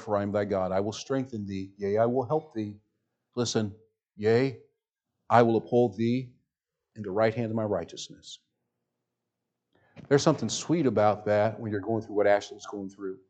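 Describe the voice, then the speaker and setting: A man preaching a sermon as pastor in a church, reading scripture slowly and swinging from loud emphasis to near-hushed speech. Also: on the low side, highs cut off. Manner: reads scripture slowly and deliberately. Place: church sanctuary with a sound system.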